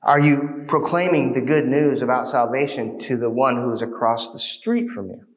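A man's voice: mid-range voice, normal speed. A man preaching as pastor, exhorting his listeners earnestly with rhetorical questions. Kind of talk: sermon.

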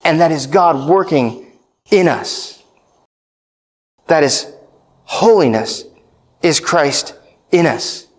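A pastor preaching a sermon, emphatic, repeating key phrases and checking in with "right?". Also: male voice, fairly high pitch, expressive, takes it slowly, long pauses.

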